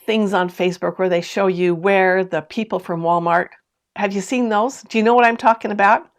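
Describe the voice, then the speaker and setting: A woman hosting a sewing live stream from home, chatting to viewers, reading out their comments and laughing often as she tells a story. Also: mid-range voice. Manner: talks straight to viewers with lots of asides and questions. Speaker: sewing channel host.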